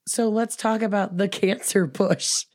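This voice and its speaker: A woman co-hosting a podcast in casual chat, her voice hoarse from a cold, rambling with fillers and restarts. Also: mid-range voice, fairly even intonation, unhurried, a little mellow, no echo, clean studio sound. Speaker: podcast co-host.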